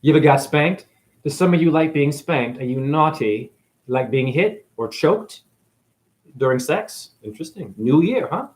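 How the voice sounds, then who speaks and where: A man from New England delivers a rambling, profane monologue to camera. His voice sits a little high for a man. He is sarcastic throughout, jumping from loud outbursts to near-whispered asides. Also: expressive, measured pace. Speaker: spiritual video host.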